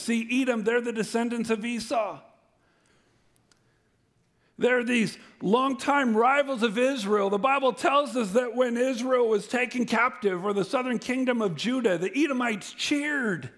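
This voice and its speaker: A man preaching a sermon, speaking with animated intensity and acting out God's words with rising emphasis. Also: extremely high pitch, measured pace. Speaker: pastor.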